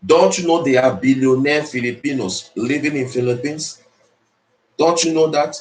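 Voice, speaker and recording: Motivational speaker, man, mid-pitched, preachy and repetitive, in an echoey room. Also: normal speed. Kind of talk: motivational speech. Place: speaking to an audience in the Philippines. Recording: roomy echo.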